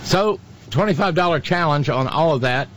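A man hosting a radio talk show, talking in a halting way full of fillers and restarts, with sardonic asides. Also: fairly high pitch, expressive, fairly bright tone, a little hiss or hum. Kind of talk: casual on-air commentary.

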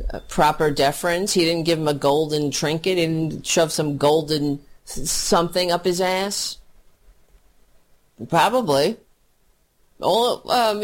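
Political ranter, crude and scornful, slow delivery, repeats and restarts a lot. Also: medium pitch. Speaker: political commentator. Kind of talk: angry political rant.

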